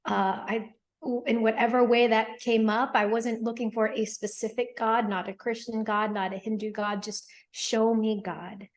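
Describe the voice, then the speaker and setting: A woman's voice: a little high, flat delivery, normal speed. A woman in her thirties, an attorney and hypnotherapist, earnestly telling her personal story in a thoughtful, reflective interview. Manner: earnest, thoughtful, with frequent ums and quoted inner thoughts.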